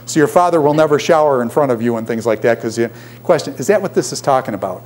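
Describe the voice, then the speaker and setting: A middle-aged man lectures to a classroom, his voice sitting a touch high for a man. He keeps throwing questions out to the students as he goes, then answers them himself. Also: fairly quick, darkish tone. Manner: poses frequent questions to the class. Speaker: teacher.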